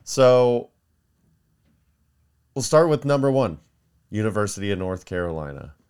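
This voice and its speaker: A man hosting a podcast, chatting casually in an animated way, with frequent fillers and laughter. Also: lowish voice, measured pace, clear, resonant tone. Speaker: podcast host. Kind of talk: casual rambling chat.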